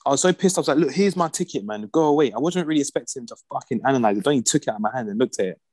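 Young guy, slangy storyteller, middle pitch, dry close sound. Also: racing, dry recording. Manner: animated, slangy, acts out the people he quotes. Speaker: podcast regular. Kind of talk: casual storytelling rant.

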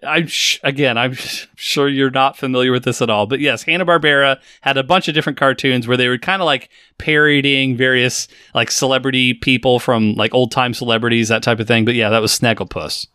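A man's voice: medium pitch, fairly even intonation, brisk, hardly any pauses, bright, forceful tone, clear, resonant tone, dry recording, studio quality. A man in his forties hosting a podcast in a jokey, chatty way, now and then bursting into silly voices. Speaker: podcast host. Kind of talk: casual podcast chat.

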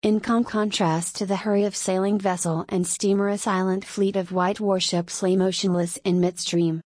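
Woman audiobook narrator, mid-pitched, measured reading, dry close sound. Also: flat delivery, a little mellow, no echo. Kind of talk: scripted narration.

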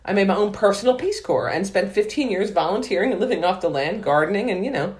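A woman's voice: mid-range voice, lively intonation, quick pace, darkish tone. A woman author talking casually about a book she loves, enthusiastic and rambling, with frequent restarts. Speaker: author and podcast guest.

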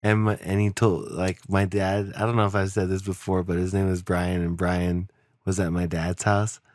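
Young man, podcast co-host, casual rambling chat, swears a lot, low voice, dry close sound. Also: flat delivery, moderate pace, a little mellow, dry recording. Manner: rambling, swears a lot, acts out quotes with big jumps in pitch.

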